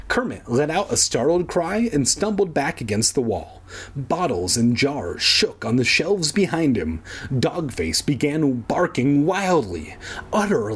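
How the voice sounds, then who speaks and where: A man's voice: mid-range voice, slightly rough. A man casually reading a children's book aloud, breaking off for irreverent, swearing asides. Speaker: reader. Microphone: home recording, edited later.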